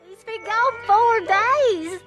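Tammy, a bright shrill Southern girl. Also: expressive, slow pace, faint music behind, full character voice. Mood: pleading. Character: sweet young Southern girlfriend of a mud squid. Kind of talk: cartoon voice acting.

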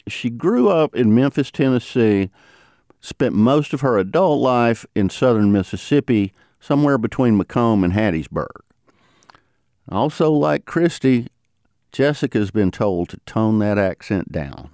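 A man's voice: measured pace, dry recording, studio quality. A man narrating a radio story, reading a script in a conversational tone. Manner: conversational, expressive pitch. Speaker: radio reporter, host.

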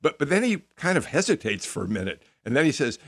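A man's voice: mid-range voice, big pitch swings, fast talker, no room sound, studio quality. A man hosting a radio interview, talking conversationally with frequent restarts. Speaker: radio host.

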